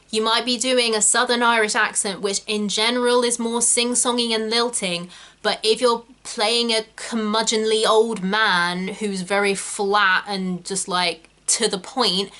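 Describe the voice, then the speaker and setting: A young woman from England teaches actors in a chatty, emphatic way, full of quick asides. Her voice is bright and clear, with an ordinary middle pitch. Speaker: acting coach. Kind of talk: talking-head tutorial.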